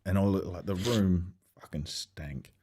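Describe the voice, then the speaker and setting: A man, telling swearing, animated anecdotes as a podcast guest. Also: deep voice, unhurried, slightly rough. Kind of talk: casual storytelling chat.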